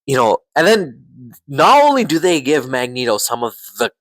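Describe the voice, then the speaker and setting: Man, casual excitable reviewer, heavy filler words and cursing; dry close sound. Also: mid-range voice, moderate pace, dry recording, low-quality recording. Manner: excitable, swears, fills with "like". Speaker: podcast show reviewer.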